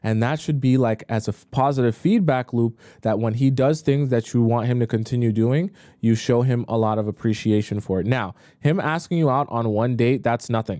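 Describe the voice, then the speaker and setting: A man's voice: fairly quick, few pauses, dry recording, clean studio sound. A man giving dating advice to women in a casual, talkative way as host of his own channel. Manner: casual, animated, jokes with mocking high voices.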